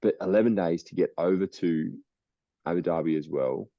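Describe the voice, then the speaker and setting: Deep-voiced laid-back Australian man. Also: normal speed, no room sound, lo-fi sound. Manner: laid-back, rambling, laughs often. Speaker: podcast co-host. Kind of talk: casual chat.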